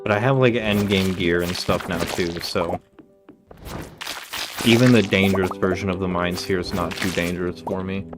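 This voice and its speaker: A relaxed man narrates his video game session in an easy, chatty way, musing aloud about what he finds. His voice sits a little low. Game music plays clearly underneath him. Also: normal speed. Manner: laid-back, chatty, musing aloud while playing. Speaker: gaming video creator. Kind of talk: casual gameplay commentary. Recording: game music playing behind.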